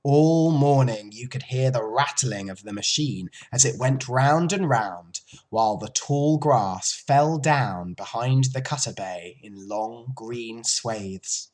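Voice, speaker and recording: A male teacher reading a children's novel aloud to his class, with expressive storytelling. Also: slow pace. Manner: expressive storytelling, lively pitch.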